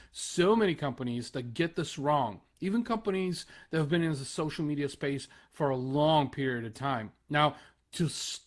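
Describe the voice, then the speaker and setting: An earnest man in his thirties speaks in a slightly raised voice during a solo live talk. He is emphatic and often repeats key phrases to drive a point home. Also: on the high side. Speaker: podcast host and marketing consultant.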